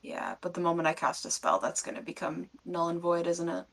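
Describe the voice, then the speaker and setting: A woman's voice: on the low side, animated, fairly quick, gravelly, fairly bright tone. A woman playing a tabletop game, casually thinking aloud about her turn. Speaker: player.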